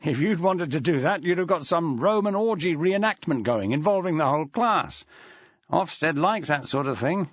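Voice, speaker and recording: A man's voice: fairly high pitch, expressive, normal speed, no echo, dull audio. A man reading an audiobook, voicing a blunt, exasperated male headmaster who scolds and swears.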